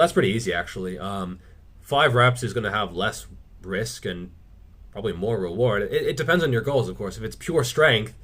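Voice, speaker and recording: On his own fitness channel, a man with a fairly low voice answers viewer questions in a casual Q&A monologue. He's blunt and opinionated, and he swears freely.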